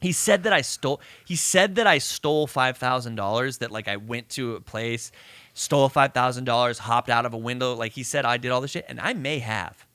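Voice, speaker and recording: A man's voice: mid-range voice, brisk, no echo. A man co-hosting a podcast, telling a story in casual chat, swearing and acting out the voices of people in it. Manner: animated, swearing, acts out voices in his story. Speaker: podcast co-host.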